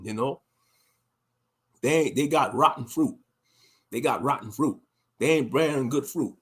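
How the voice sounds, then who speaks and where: A man's voice: mid-range voice, measured pace, fairly bright tone. A man giving impassioned, scolding religious commentary, mocking the people he criticizes. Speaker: online commentator.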